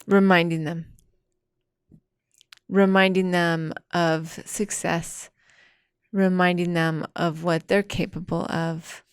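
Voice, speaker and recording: A woman co-hosting a podcast in casual chat, speaking slowly and thoughtfully. Her voice is smooth and clear. The recording is dry and close. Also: on the low side, flat delivery, dry recording. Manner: reflective, short agreeing replies. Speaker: podcast co-host.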